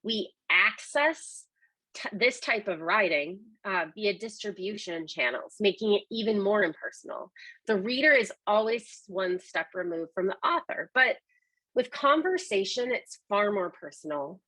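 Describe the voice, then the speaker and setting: A woman's voice: medium pitch, animated, measured pace, sharp tone, dry recording, poor audio. A woman presenting a webinar on conversation design, explaining points with emphasis. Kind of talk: scripted presentation.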